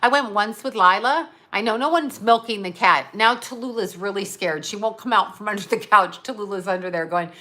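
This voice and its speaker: A woman's voice: medium pitch, normal speed, hardly any pauses, sharp tone. A middle-aged woman ranting to camera in a blunt, profane, rambling monologue, often cracking herself up. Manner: crude, rambling, laughing at her own jokes. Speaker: vlogger.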